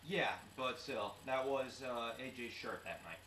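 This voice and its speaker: Man recapping with halting "uh" pauses. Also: mid-range voice, bright, forceful tone. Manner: retells events step by step, with frequent "uh" pauses; mock-stern about professionalism. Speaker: co-host of a wrestling recap show. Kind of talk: casual recap chat. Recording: roomy amateur recording with distant mic and faint noise.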